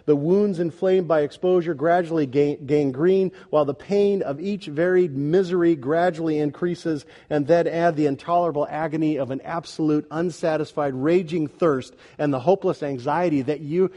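A male pastor preaching a sermon, swinging between loud, emphatic declarations and quiet, pleading passages. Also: fairly high pitch, normal speed, few pauses.

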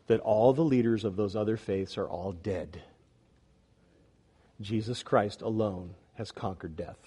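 A male pastor preaching a sermon, swinging between loud, emphatic declarations and quiet, pleading passages. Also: fairly low pitch, husky.

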